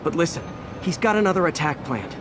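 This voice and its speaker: An upbeat young hero. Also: male voice, fairly high pitch, big pitch swings, a little fast, noisy background. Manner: upbeat, chatty. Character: young male hero, friendly and earnest.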